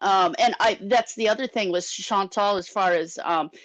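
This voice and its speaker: A woman's voice: medium pitch, normal speed, no room sound, rough recording. A woman giving opinionated casual commentary on a video call with other panelists. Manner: opinionated, chatty.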